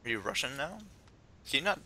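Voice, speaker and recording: A man's voice: medium pitch, fairly quick. A man playing a game with friends, chatting casually and joking. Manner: jokey, animated. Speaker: let's play player. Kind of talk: casual gaming chat.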